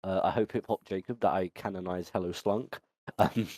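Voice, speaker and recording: A man's voice: sits low, fairly even intonation, moderate pace, darkish tone, dry recording. A man hosting a casual podcast chat, rambling with many ums and restarts. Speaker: podcast host.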